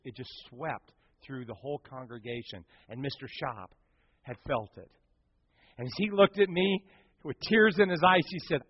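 A preacher with a medium-pitched, slightly breathy voice tells a sermon story, captured in a dull, dry recording. His delivery swings dramatically from loud to hushed.

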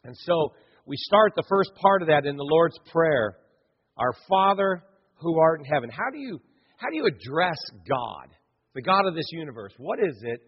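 A man's voice: fairly high pitch, sing-song, moderate pace, slightly rough. A pastor preaching a sermon in a conversational way, asking his listeners many rhetorical questions. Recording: long reverb, dull lo-fi sound.

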